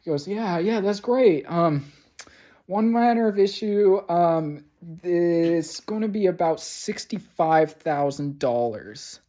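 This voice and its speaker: A young man telling a long story to a camera at home in a rambling, swearing way, full of fillers, with sudden loud sarcastic outbursts. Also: high-pitched, animated, takes it slowly. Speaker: vlogger. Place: home room. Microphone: camera mic.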